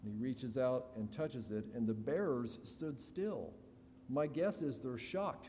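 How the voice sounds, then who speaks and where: A man preaching an expository sermon to his congregation, slow and deliberate with dramatic pauses. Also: mid-range voice, animated, mellow. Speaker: pastor. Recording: reverberant hall, faint room noise.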